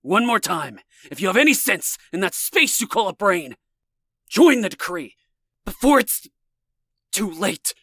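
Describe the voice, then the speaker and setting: A man's voice: high voice, sing-song, unhurried, fairly bright tone, slightly rough, no room sound, clean studio sound, voice pushed up, full character voice. A man voicing a menacing fanatic. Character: cold, menacing cult-devoted man.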